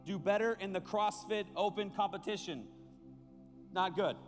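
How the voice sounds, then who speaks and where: High-voiced joking youth pastor. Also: male voice, long reverb tail. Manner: joking and animated, talks straight to the crowd. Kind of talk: sermon.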